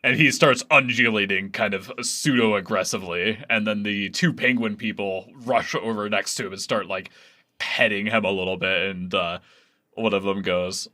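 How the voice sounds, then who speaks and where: A man's voice: on the low side, fairly even intonation, normal speed, pushed and bright. A man narrating as game master of a tabletop game, loose and full of fillers.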